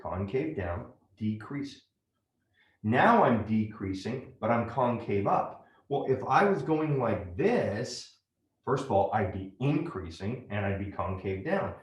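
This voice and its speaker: A man's voice: lowish voice, animated, measured pace, reverberant. A man teaching a math lesson step by step, often checking in with "right?".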